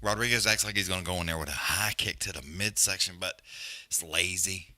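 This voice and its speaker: A man's voice: low-pitched, a little fast. A man hosting a live fight stream, trash-talking in profane casual banter and calling the action. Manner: loud, profane, animated trash talk. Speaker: livestream host.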